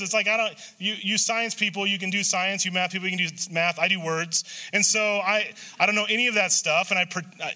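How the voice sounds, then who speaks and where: A high, very bright male voice delivers a sermon from the pulpit. He preaches in a loose, joking way, jumping into asides and restarting his sentences as he goes. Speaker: pastor.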